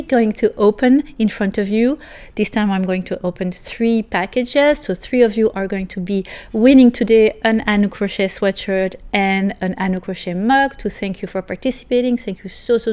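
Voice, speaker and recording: A woman with a slightly high voice hosts a casual crochet vlog. She gushes and thanks viewers again and again, piling up "so, so much" as she opens their packages. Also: a little mellow. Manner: gushing, effusive, repeats "so, so much". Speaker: crochet channel host. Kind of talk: casual vlog, opening mail on camera.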